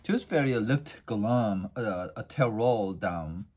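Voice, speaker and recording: Man storyteller, unhurried picture-book read-aloud with the odd slip and restart. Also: lowish voice, animated, darkish tone, husky. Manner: unhurried, with small slips and restarts.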